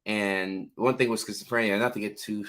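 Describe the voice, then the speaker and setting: Bright-voiced man chatting on a livestream. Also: fairly low pitch, fairly even intonation, moderate pace. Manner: chatty, reads viewer names aloud, many fillers. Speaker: livestream host, mental health clinician. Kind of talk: casual livestream chat.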